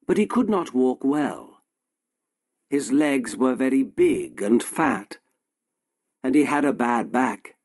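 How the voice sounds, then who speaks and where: Male audiobook narrator, gravelly voice, very slow, lively pitch. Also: no echo, studio quality. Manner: slow, simple, deliberate storytelling. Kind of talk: scripted audiobook narration for English learners.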